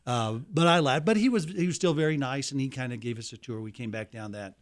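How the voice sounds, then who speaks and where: A man's voice: medium pitch, quick pace. An older man from Colorado talks as a guest in an easygoing interview. His voice sits in an ordinary middle register, and he winds through stories unhurriedly, often restarting his sentences. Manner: leisurely, anecdotal, with restarts. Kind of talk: casual interview storytelling.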